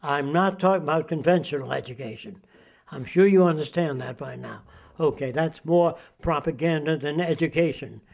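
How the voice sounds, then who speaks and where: Older man, interviewee, lectures with rhetorical questions, somewhat high voice. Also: normal speed, vocal fry, darkish tone. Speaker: interviewee, futurist. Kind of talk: interview monologue.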